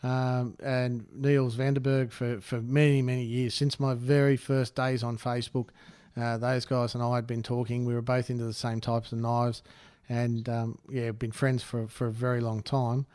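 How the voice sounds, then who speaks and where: A friendly man chatting on a podcast, easygoing and quick to laugh, calling others mate. His pitch is average. The recording is dry, with no room sound. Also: little pitch movement, darkish tone, smooth, dry recording. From Australia. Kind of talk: casual podcast chat.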